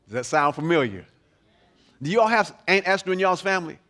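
An animated man preaching in a church, with a high, bright voice that carries easily. He mixes humor into the sermon and stacks repeated words as he builds toward a point. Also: a little fast.

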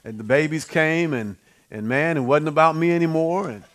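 A man's voice: on the high side, moderate pace, fairly bright tone. A middle-aged man preaching a folksy sermon, calling out to the congregation and acting out the voices he quotes. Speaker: pastor.

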